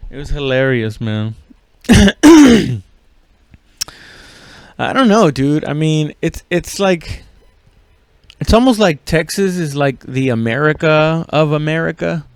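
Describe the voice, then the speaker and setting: A man's voice: on the high side, lively intonation, slow, pauses often, smooth, no echo. A man hosting a comedy podcast, rambling and swearing casually with lots of fillers and laughs. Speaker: podcast host.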